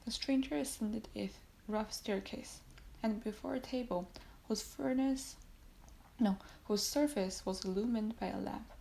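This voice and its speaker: A woman's voice: a little high, measured pace, vocal fry, dark tone, a little hiss or hum, rough recording. A woman reading a classic novel aloud as an audiobook, sometimes dropping to a whisper and correcting her own slips. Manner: reads classic prose, with whispered passages and self-corrections. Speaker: audiobook reader.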